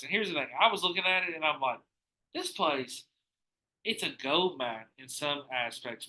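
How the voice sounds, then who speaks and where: A man's voice: on the high side, pushed and bright, poor audio. A man hosting a podcast, telling a rambling, profane story in casual chat, laughing often and acting out what people said. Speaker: podcast host.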